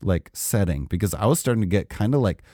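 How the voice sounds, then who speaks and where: A man co-hosting a podcast in casual, rambling chat, self-deprecating and relaxed. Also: lowish voice, fast talker, no room sound, studio quality. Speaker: podcast co-host.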